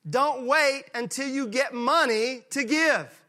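Male pastor from Mississippi, emphatic sermon delivery, high-pitched and ringing. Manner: emphatic preaching, slows down to stress key lines; acts out folksy characters in quieter voices.

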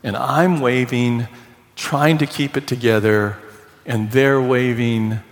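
A man preaching a sermon as pastor, telling a story slowly with heartfelt quoted dialogue. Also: mid-range voice, fairly even intonation. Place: church sanctuary. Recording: long reverb of a church sanctuary.

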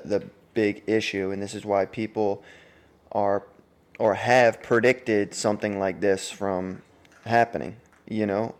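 A man's voice: fairly low pitch, a little mellow. An American man co-hosting a podcast, talking in a loose, rambling way with many fillers. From United States. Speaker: podcast co-host. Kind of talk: casual podcast chat, reading sponsor ads.

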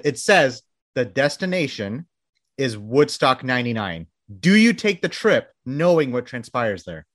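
A man's voice: mid-range voice, big pitch swings, unhurried, fairly bright tone. A man hosting an interview on a video call, upbeat and chatty with frequent restarts and laughs. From Texas, Dallas area. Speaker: podcast host. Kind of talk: casual interview chat.

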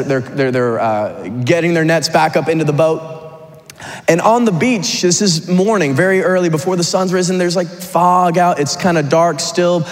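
A man preaching a sermon, retelling a story in an animated, conversational way with some humor. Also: sits high. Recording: long hall reverb.

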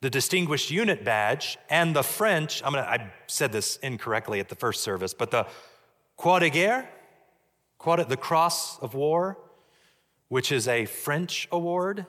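A man preaching a sermon as pastor, measured, dropping low and soft on key points. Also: expressive. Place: church sanctuary. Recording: long church reverb.

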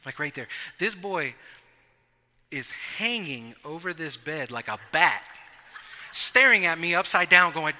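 A man's voice: fairly high pitch, expressive, measured pace, bright, forceful tone. A male pastor preaching a conversational, humorous sermon in a church. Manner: conversational, humorous, repeats and restarts. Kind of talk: sermon with personal story. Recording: long reverb of a large hall.

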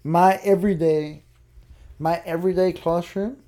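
A man's voice: sits high, fairly even intonation, a little slow, dark tone. A young man co-hosting a casual chat, rambling and saying "like" often. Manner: rambling, heavy use of "like". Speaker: podcast co-host.

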